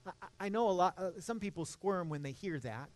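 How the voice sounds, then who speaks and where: High-voiced man preaching a sermon, dry sound. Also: lively intonation, fairly quick, dry recording. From Midwest United States. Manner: earnest, conversational preaching with frequent restarts. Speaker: pastor.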